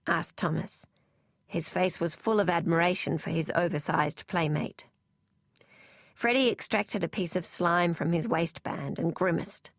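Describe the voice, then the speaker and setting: Low-voiced woman reading a novel. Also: fairly even intonation, normal speed, no echo, clean studio sound. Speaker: audiobook narrator. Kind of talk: first-person novel narration.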